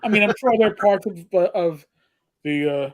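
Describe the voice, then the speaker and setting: Man in his fifties, higher-pitched, rambling. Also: normal speed. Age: 50s. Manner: rambling, animated storytelling with restarts. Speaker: host. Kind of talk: casual chat on a livestream.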